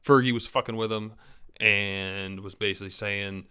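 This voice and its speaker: A man co-hosting a podcast in a casual, hesitant way, with plenty of fillers. His voice sits a little low. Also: fairly even intonation, normal speed, pushed and bright, smooth. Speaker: podcast co-host.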